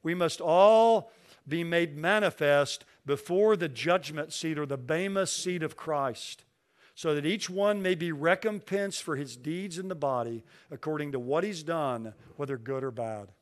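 A preacher delivering a sermon in a slightly high-pitched male voice. He reads scripture slowly, pressing hard on each key phrase, and explains it in a plain, conversational way. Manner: slows down and stresses key phrases when reading scripture. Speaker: pastor.

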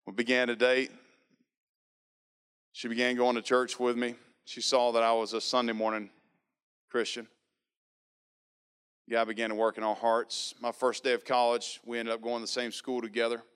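Smooth-voiced man telling his testimony. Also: mid-range voice, moderate pace, pauses often. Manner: earnest, storytelling, animated quoting. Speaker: speaker giving a testimony. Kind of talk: personal testimony sermon.

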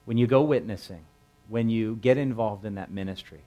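A man preaching a sermon, retelling a scripture story conversationally and acting out the characters' lines with lively raised voices. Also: on the low side, moderate pace, lo-fi sound. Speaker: pastor.

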